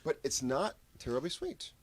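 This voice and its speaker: A man's voice: fairly high pitch, huge pitch swings, normal speed. A man representing a rum brand, explaining cask aging during a casual tasting chat, with many restarts and fillers.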